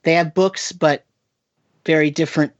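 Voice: medium pitch, fairly even intonation, moderate pace, no room sound, highs cut off. A game master recounting a tabletop session in casual chat, rambling with frequent restarts and "right?" tag questions.

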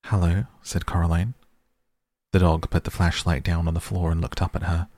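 Man, storybook narrator, very low voice, husky, slow and measured reading. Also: little pitch movement, darkish tone, no room sound.

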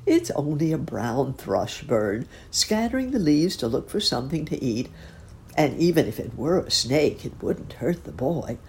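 Casting: a gentle, musing old rabbit gentleman with a gravelly low voice, as a woman puts him on. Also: big pitch swings, unhurried, slight background noise, exaggerated voice. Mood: amused.

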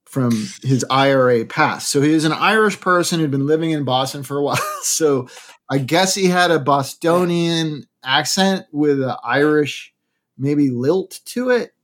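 A man's voice: fairly high pitch, a little slow, fairly bright tone. A man, an actor, chatting casually on a podcast with wry, joking asides.

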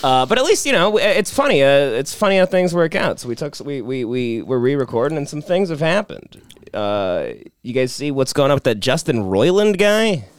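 A man hosting a podcast, chatting casually with friends. His voice is smooth and fairly high, with lively swings in pitch. The sound is close and dry. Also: normal speed, no room sound. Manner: reads messages aloud in mocking put-on voices. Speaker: podcast host.

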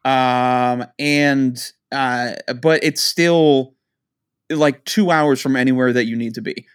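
A man's voice: mid-range voice, fairly even intonation, slow pace, clean tone. A man co-hosting a casual podcast, telling stories in a rambling, profane way and voicing the people in them. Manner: rambling, profane storytelling with voiced asides. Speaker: podcast co-host.

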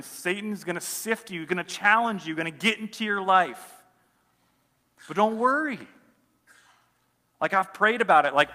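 A pastor preaching a sermon in a casual, conversational way, full of "like" fillers, swinging between loud emphasis and quiet asides. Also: male voice, high-pitched, in a large hall.

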